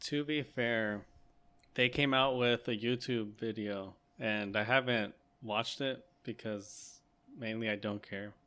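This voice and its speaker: Slow-talking man with a smooth voice. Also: on the low side, fairly even intonation, fairly bright tone. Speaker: podcast co-host. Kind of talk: casual chat.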